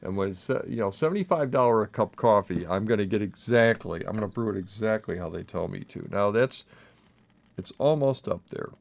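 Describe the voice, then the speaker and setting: A man with a low, gravelly voice hosts a casual coffee brewing demo at home. He talks haltingly and nervously, breaking off and restarting often. He is recorded on a camera mic with a crew nearby. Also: animated. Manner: halting, self-interrupting, nervously chatty. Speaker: coffee video host. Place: home kitchen.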